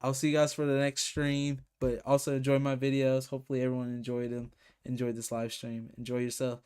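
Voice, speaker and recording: A man's voice: mid-range voice, monotone, brisk, darkish tone, clean tone. A man chatting casually on a livestream, rambling with many fillers and restarts. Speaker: K-pop reaction streamer.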